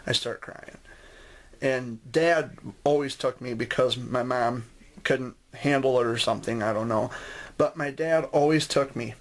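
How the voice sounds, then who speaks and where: A man's voice: mid-range voice, measured pace. Man rambling through a personal story. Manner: rambling, with frequent restarts and asides. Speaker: vlogger sharing a memory.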